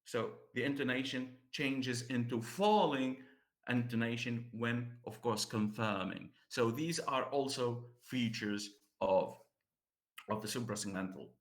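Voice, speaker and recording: A man teaching a class about pronunciation, speaking slowly. He repeats himself and checks with his students as he goes. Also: medium pitch, echoey room.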